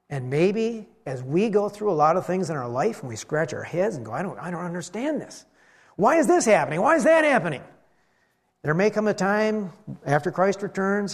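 A man preaching a sermon to a congregation, acting out the voices in the story as he goes. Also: a little high. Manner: animated, acts out the voices in the story. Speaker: pastor.

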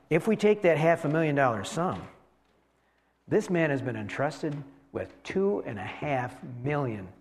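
A man's voice: fairly high pitch, slight background noise. Conversational male preacher, rhetorical questions. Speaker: pastor. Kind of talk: sermon.

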